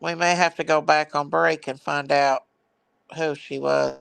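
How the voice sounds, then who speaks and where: Slow, gravelly woman, flustered. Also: low-pitched, steady tone, slight background noise. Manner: apologetic and flustered. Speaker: true crime streamer. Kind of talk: casual livestream chat.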